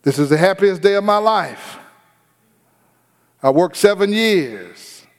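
A man voicing a young husband who learns he was tricked into the wrong marriage, protesting loudly. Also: high voice, expressive, slow pace, long reverb tail, pitched above the performer's own voice. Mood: elated. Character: young man duped on his wedding night, indignant.

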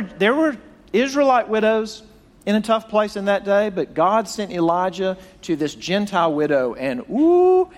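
A man's voice: a little high, in a large hall. A male pastor preaching a sermon, retelling a story dramatically and acting out the quoted voices.

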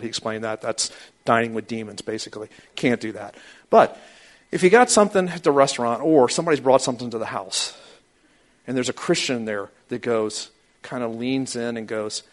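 A man preaching a sermon as pastor, talking animatedly and acting out quoted voices with sudden high outbursts. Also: brisk.

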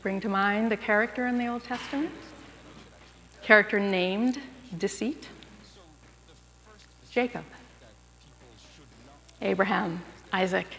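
A woman preaching a sermon in a plain, chatty teaching manner, often turning to ask the congregation questions. Her voice sits at an ordinary middle pitch for a woman. It rings out with a long reverb in a church sanctuary. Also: a bit bright. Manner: conversational, asks the listeners questions. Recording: long reverb of a large room.

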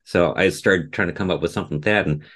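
A very low-voiced man from the Midwest, chatting casually as a podcast co-host. He talks in a self-deprecating way and often stops and restarts his sentences. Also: quick pace, fairly bright tone. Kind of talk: casual chat.

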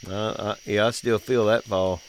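A man's voice: on the low side, fairly even intonation, measured pace, a little hiss or hum. A middle-aged man telling family stories in a casual, drawling, laughing way. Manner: folksy, drawling, laughs often. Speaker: podcast host, father. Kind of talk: casual storytelling chat.

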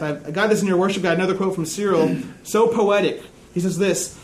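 A man preaching a sermon in a church, earnest and measured, dropping to a hushed tone in reflective stretches. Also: high voice, a little hiss or hum. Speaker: pastor.

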